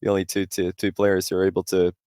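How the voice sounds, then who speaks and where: A young man, a podcast guest, chatting casually and rambling through animated anecdotes. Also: low-pitched, quick pace, smooth, dry recording, studio quality. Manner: rambling storyteller, animated when telling anecdotes. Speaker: podcast guest, esports pro.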